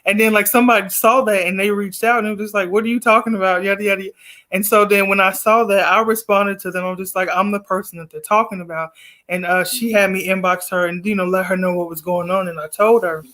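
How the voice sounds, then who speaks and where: A man's voice: sits high, fairly even intonation, fast talker, pushed and bright. A man guest on a video call telling a long story casually, rambling with fillers and acting out quoted exchanges. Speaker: guest poet.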